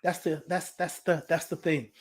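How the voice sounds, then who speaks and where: Guy on a spiritual podcast talking from the heart, kinda high voice, gets emotional and says things twice. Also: steady tone, normal speed, breathy edge. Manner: heartfelt, emotional, repeats himself; reads out listener comments. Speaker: podcast host. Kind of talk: emotional spiritual talk show monologue.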